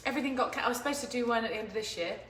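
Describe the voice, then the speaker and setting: A woman's voice: a little high, rapid-fire, a bit bright. A woman hosting a home cooking stream, chatting in an easygoing, giggly way while she cooks. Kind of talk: casual chat while cooking. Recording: echoey room with faint noise.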